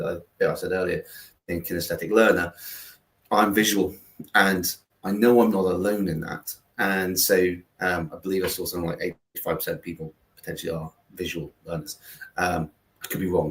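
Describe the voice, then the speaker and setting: Casting: deep, gravelly man, chatty and rambling guest, echoey room. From England. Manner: rambling with many fillers and restarts. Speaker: guest, founder of a kindness platform. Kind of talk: conversational interview, storytelling.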